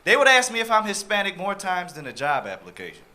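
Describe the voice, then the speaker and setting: Man, 30s, stand-up comic, bright forceful voice, punchy delivery, handheld mic on a club stage, faint room hum. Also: sits high, huge pitch swings, fast talker. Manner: punchy, acts out quoted voices. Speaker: stand-up comedian. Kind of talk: stand-up comedy set.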